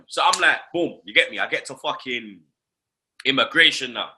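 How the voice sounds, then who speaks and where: Bright, animated London man telling stories. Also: mid-range voice, normal speed. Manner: swearing, slangy, animated storytelling with heavy filler tags. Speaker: host. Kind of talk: casual storytelling chat.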